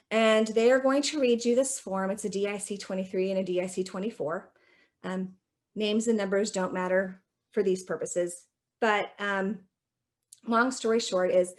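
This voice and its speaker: Young woman lawyer, informal lecture, conversational and direct, keeps asking the room if they follow. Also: on the high side. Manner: chatty, keeps checking in with "okay?"; acts out dialogues with police. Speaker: attorney giving a public lecture.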